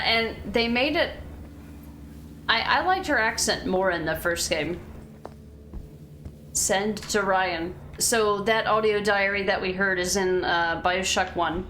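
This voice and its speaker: A woman's voice: mid-range voice, a bit bright, slight background noise. A woman streamer in casual gaming commentary, chatty and laughing at what she sees. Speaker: game streamer.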